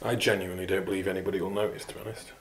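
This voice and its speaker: A man's voice: low voice, flat delivery, very fast, vocal fry, loud music behind the voice. A young man hosting a fitness channel, cracking crude jokes and swearing through a casual product review. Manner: crude, joking, heavy swearing.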